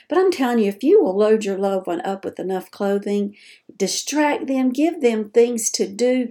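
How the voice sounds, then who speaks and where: A woman's voice: mid-range voice, warm tone. A woman hosting a caregiving podcast, giving chatty, direct advice to listeners. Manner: chatty and direct, addresses listeners as folks and y'all. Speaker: podcast host, dementia caregiving advisor. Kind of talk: folksy advice talk.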